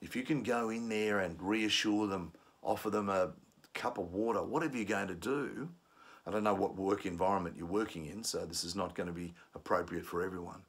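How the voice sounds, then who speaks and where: A man's voice: sits low, fairly quick, slightly rough. A man giving a conflict management lesson, explaining steps and acting out angry commuters. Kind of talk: instructional talk.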